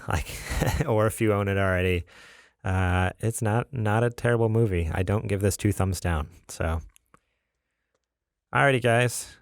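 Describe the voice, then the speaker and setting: A man's voice: fairly low pitch, no room sound, studio quality. A man co-hosting a gaming podcast in casual chat, rambling easily with lots of fillers. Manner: easygoing, rambling with many fillers and laughs. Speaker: podcast co-host.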